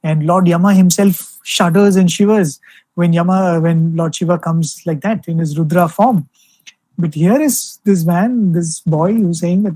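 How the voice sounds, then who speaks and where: A young man gives a devotional talk over a video call, telling stories gently with lots of "you know" fillers. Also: sits high, unhurried, no room sound, poor audio. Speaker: spiritual speaker addressing alumni.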